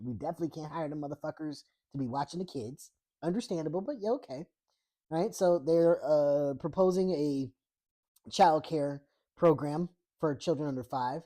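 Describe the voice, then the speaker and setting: A woman with a low, dark voice hosts a book reading, reading aloud but frequently stopping to make sarcastic, profane political remarks.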